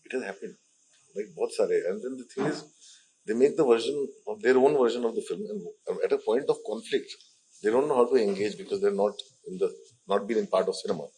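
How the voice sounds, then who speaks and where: A man's voice: fairly low pitch, quick pace, dark tone, breathy edge, rough recording. A middle-aged man with an Indian English accent, a film director telling rambling stories in an interview and slipping into Hindi phrases. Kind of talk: casual interview talk.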